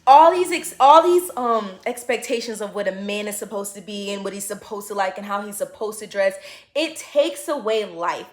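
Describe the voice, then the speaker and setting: A woman's voice: mid-range voice, expressive, moderate pace, roomy sound. A woman vlogger giving her opinions in a casual chat to camera, with lots of fillers and restarts.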